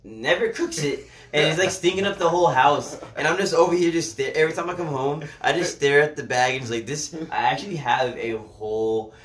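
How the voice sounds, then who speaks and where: A man's voice: fairly high pitch, a little fast, hardly any pauses, recorded from a distance. A young man in casual chat with friends, telling a rambling anecdote and acting out the quotes. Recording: echoey room.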